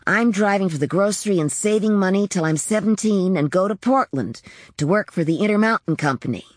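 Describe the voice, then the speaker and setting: A woman's voice: mid-range voice, dry recording, studio quality, close to an everyday voice. A woman voicing a small-town teenage girl who dreams of trucking, telling her story in a plainspoken, matter-of-fact, chatty way. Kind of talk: audiobook character narration.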